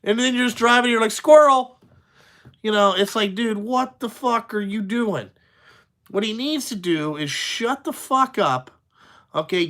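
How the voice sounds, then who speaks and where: A man's voice: high voice, sharp tone. Blunt, cussing truck-driver man. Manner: profane, blunt, exasperated ranting with many fillers; talks in loose run-on asides, asks "you know what I'm saying?". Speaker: truck driver, channel host. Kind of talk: casual ranting vlog.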